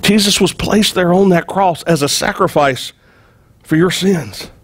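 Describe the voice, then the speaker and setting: Preacher guy, high voice, acts out the story, repeats himself a lot. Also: unhurried. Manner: animated, repeats words, acts out quotes. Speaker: pastor. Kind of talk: sermon with acted-out storytelling.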